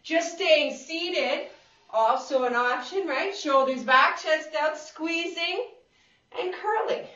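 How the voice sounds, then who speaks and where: A woman's voice: high voice, slow, pushed and bright. A woman fitness instructor leading a workout class, counting reps, giving cues and whooping to encourage. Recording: roomy, distant and dull.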